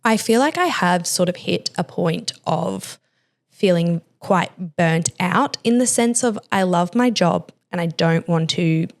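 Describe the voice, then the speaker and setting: Young woman, lowish voice, confessional podcast talk, lots of fillers. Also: measured pace, vocal fry. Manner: emotional, confessional, heavy use of "like". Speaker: podcast host. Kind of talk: candid personal podcast talk.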